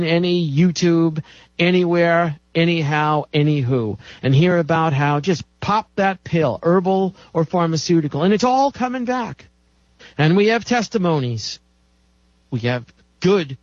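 A man's voice: on the high side, lively intonation, measured pace, no room sound. A man giving an impassioned health lecture in a preachy, emphatic way, chanting repeated lists. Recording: dull dry recording.

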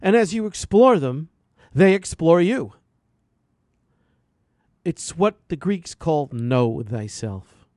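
A man's voice: a little high, expressive, takes it slowly, pauses often, darkish tone, no echo, clean studio sound. Preachy man hosting a radio health show. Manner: preachy, repetitive, emphatic. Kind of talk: impassioned radio monologue.

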